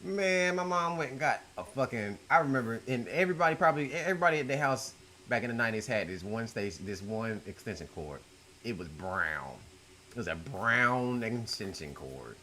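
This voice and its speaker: Animated, bright-voiced middle-aged man. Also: normal speed, slight background noise. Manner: animated, profane, swinging between loud bursts and low mutters. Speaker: YouTube storyteller. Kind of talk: casual storytime monologue.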